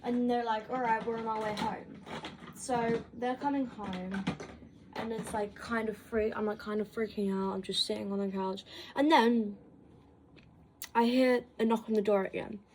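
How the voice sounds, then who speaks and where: Against a noisy background, a storytime vlogger with a slightly high voice and moderate pace rambles through a casual story. She scatters "like" throughout and acts out what people said in an animated way.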